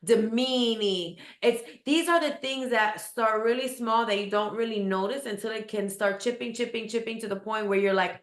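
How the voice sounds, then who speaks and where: A woman's voice: a little high, normal speed, hardly any pauses, reverberant. A woman guest in an interview, telling a personal story earnestly and emphatically, often repeating words for weight.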